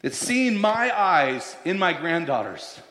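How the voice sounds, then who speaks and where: Preaching pastor with a higher voice. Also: male voice, very animated, bright, forceful tone. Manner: storytelling, slows down to stress scripture. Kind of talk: sermon. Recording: echoey hall, long reverb.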